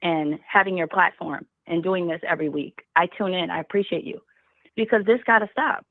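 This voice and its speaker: A woman's voice: on the low side, fairly quick, dry recording. A woman calling in to a talk show, speaking passionately and firing off rhetorical questions. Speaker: caller. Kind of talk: call-in talk. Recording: tinny phone line.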